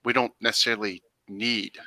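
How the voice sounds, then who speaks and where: Low voiced podcast guy, super sharp edgy tone, frank and measured. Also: flat delivery, dry recording. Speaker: podcast co-host. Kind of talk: casual chat.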